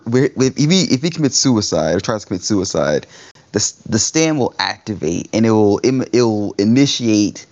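A man co-hosting a casual podcast, talking haltingly, searching for words and restarting. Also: fairly low pitch, darkish tone. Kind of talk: casual chat. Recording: dull lo-fi audio.

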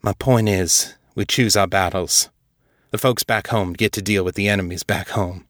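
A man doing a quiet, stoic officer. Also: steady tone, moderate pace, no room sound, clean studio sound. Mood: earnest. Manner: guarded, low-key.

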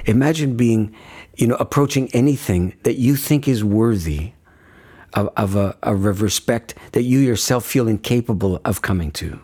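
A man with a husky, low-pitched voice talking in an earnest, emphatic way. He keeps pausing to check in with his listener. His delivery is unhurried, reflective conversation rather than a speech. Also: mellow. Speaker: guest speaker on death and dying.

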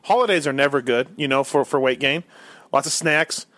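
A man's voice: medium pitch, a little fast, a bit bright, a little hiss or hum. A man hosting a podcast in casual banter, teasing his co-hosts and laughing often. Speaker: show host.

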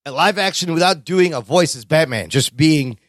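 A man with a somewhat high voice hosts a casual podcast chat. He talks eagerly and often restarts his sentences. The sound is dry and close, with no room echo. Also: animated, normal speed, fairly bright tone. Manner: talkative, enthusiastic, many restarts. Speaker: podcast host.

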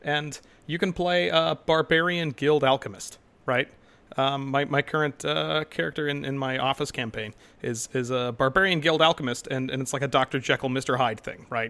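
A man's voice: fairly high pitch, a little fast, creaky, bright, forceful tone. A man on a casual podcast panel, talking in an opinionated, digressive and eager way.

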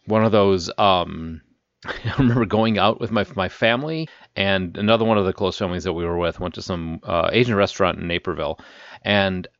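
A man from the Chicago area telling stories on a podcast, animated and laughing as he acts out quotes. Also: low-pitched, brisk, no echo, muffled recording. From Chicago area, Illinois. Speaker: podcast co-host. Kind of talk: casual chat.

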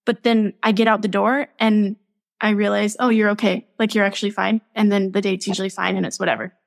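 A young woman talks as a guest on a podcast in a casual, open way. Her sentences are full of "like" and small laughs as she explains herself. Her voice sits at an ordinary pitch for a woman. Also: flat delivery, a little fast, creaky. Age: young adult. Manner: candid, laughs often, filler-heavy.

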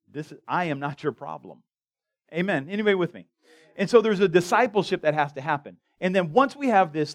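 High-voiced man preaching casually. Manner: conversational preaching, stammering restarts, jokes with the congregation. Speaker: pastor. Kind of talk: sermon. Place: church sanctuary.

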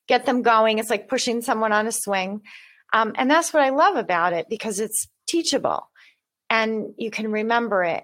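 A woman's voice: a little high, fairly bright tone. A woman guest in a conversational interview, explaining her method in an earnest way and often repeating words as she talks. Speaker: author and guest.

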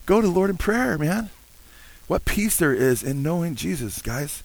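A man's voice: on the high side, very animated, normal speed, creaky, no echo, low-quality recording. An older man preaching a sermon, earnest and full of amens, now and then singing hymn lines. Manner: earnest, warm-hearted preaching with frequent amens; sings hymn lines between teaching. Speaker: pastor.

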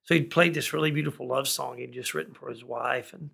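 A man's voice: mid-range voice, steady tone, quick pace, gravelly, very noisy. A man, a musician guest in a studio, telling rambling stories and laughing often. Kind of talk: storytelling in a relaxed conversation. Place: recording studio.

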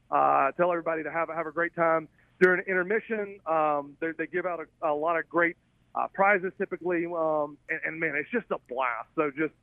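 A man's voice: on the high side, no room sound. Southern man on a tinny phone line. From Alabama. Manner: relaxed, rambling, many restarts and laughs. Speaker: guest filmmaker. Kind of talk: casual interview chat.

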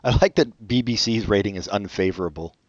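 Low, deadpan sarcastic man. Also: fairly quick, no echo, dull audio. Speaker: podcast co-host. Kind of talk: casual chat.

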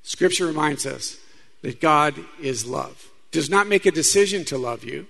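Male priest, fairly high, gravelly voice; conversational sermon with stories and asides to the audience. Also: expressive, moderate pace, pushed and bright. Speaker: Catholic priest.

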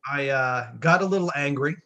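A man's voice: a little high, normal speed, bright, forceful tone. A man co-hosting a casual chat, telling a wry, exaggerated story about family life. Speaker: podcast co-host, dad.

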